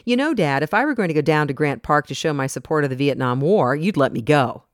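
A reader voicing an idealistic teenage girl in a storybook, talking earnestly and forcefully about protesting. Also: medium pitch, lively intonation, fast, no echo, clean studio sound, lightly acted. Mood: insistent. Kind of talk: storybook narration.

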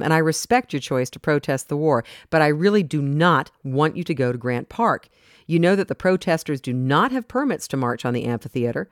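A reader voicing a serious, protective middle-aged father in a storybook, speaking in a measured way. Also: medium pitch, no echo, studio quality, lightly acted. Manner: measured, grave. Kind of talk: storybook narration.

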